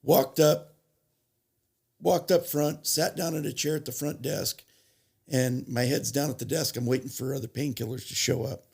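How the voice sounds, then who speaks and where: A man telling his recovery story as a podcast guest, halting and restarting as he goes, plainly moved as he recalls it. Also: medium pitch, fairly even intonation, creaky, darkish tone, breathy edge. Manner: halting, restarts and self-corrections, emotional retelling. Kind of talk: personal storytelling.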